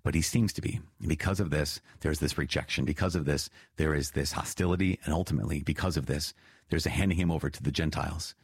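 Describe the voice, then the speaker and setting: A man's voice: extremely low pitch, fast, creaky, husky, dry recording, clean studio sound. A man explaining a catechism reading in an earnest teaching style, stressing points with sudden rises. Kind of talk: spoken teaching commentary on a reading.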